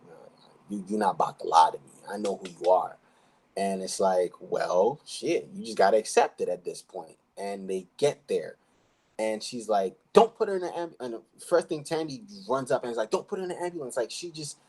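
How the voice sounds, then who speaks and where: A man's voice: lowish voice, animated, moderate pace, a little mellow, husky, low-quality recording. A man co-hosting a podcast, casually recapping a TV episode in a rambling way and acting out the characters' lines. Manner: rambling retelling with acted-out quotes. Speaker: podcast co-host. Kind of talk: casual show recap chat.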